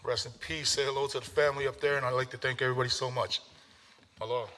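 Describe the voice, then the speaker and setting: A man's voice: mid-range voice, steady tone, fast, pushed and bright, a little hiss or hum. A man speaking at his father's memorial, heartfelt and fighting back tears, often saying "man". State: tearful. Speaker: son giving a eulogy. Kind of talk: emotional memorial speech.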